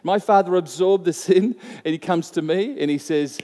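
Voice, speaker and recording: A man's voice: high voice, moderate pace, warm tone. A man preaching a sermon, telling a personal story in a conversational way and acting out the voices of the people in it. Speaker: pastor. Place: church hall. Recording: long reverb of a church hall.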